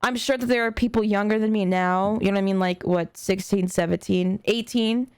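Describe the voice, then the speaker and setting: A woman's voice: mid-range voice, fairly even intonation, brisk, darkish tone, clean tone, no echo. A young adult woman streaming a reaction video, talking casually and earnestly to her chat with lots of slang, fillers and swearing. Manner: earnest, talks directly to chat.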